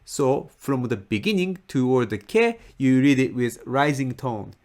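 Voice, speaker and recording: Man, Japanese accent, language teacher, very slow careful delivery, repeats words for learners. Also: medium pitch, animated, a little mellow. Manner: deliberate, repeats example words slowly for learners. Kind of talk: slow, careful lesson explanation.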